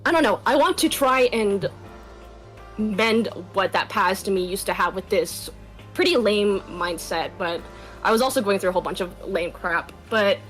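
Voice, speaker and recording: A woman's voice: mid-range voice, lively intonation, fairly bright tone, soft background music, poor audio. A woman who does voice acting, chatting on a livestream call, gushing and emotional, close to tears. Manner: gushing, emotional, quick and giggly. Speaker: voice actor guest. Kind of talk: casual chat on a livestream call. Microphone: home microphone, records in a closet.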